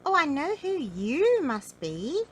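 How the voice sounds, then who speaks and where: A tiny mischievous goblin with a squeaky, sing-song voice that leaps up high and sounds pleased with himself, as a woman reading a storybook puts him on. He teases and grins through every word. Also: wildly swooping pitch, takes it slowly, slight background noise, full character voice. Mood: gleeful. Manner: squeaky, gleeful, teasing. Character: cheeky high-pitched little male goblin.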